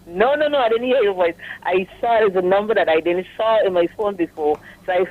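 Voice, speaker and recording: A woman's voice: medium pitch, brisk. An older woman from Dominica, a contest winner on a call, cheeky and joking with the host. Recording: tinny phone line.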